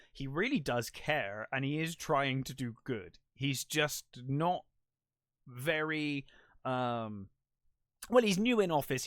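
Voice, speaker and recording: A man's voice: medium pitch, fairly bright tone, no room sound, studio quality. A man hosting a podcast on his own, giving a casual, rambling movie review with swearing and self-mocking asides. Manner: rambling, profane and self-deprecating. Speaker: podcast host. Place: lives in the United Kingdom.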